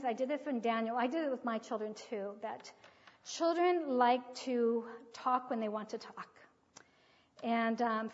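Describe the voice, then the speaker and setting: A woman coaching parents on raising children, telling anecdotes in a plain-spoken, demonstrative way. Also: on the high side. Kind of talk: anecdotal teaching talk. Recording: dull lo-fi sound with long reverb.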